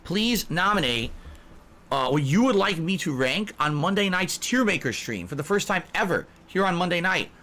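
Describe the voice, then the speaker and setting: Lively man hosting a reaction stream. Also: sits high, moderate pace. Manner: storytelling, laughs often, reads out viewer messages. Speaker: streamer host. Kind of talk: casual reaction stream chat.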